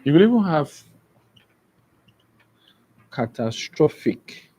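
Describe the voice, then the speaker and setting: This exam-prep English teacher has a warm, rather high voice with a breathy edge and big pitch swings, captured in a rough recording. He speaks deliberately, spells words letter by letter, and keeps checking the class's understanding.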